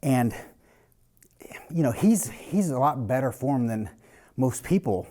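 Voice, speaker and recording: Male personal trainer, casual and blunt, mid-pitched voice, talks through his sets with a salty edge. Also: lively intonation, takes it slowly, mellow. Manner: blunt, casual, swears freely. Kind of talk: casual workout coaching talk.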